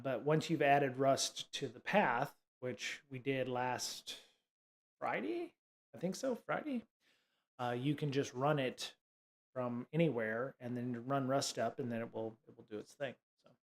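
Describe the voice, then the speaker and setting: A man's voice: mid-range voice, animated, measured pace, a little mellow. A man hosting a casual livestream coding lesson, rambling with many fillers and sarcastic asides. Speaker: livestream host teaching coding.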